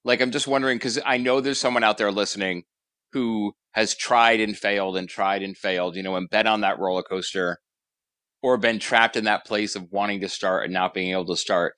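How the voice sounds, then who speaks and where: A man's voice: fairly low pitch, steady tone, a little fast, pushed and bright, dry recording, clean studio sound. A man hosting a podcast, asking questions in an encouraging, reassuring way. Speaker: podcast host. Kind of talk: interview questions.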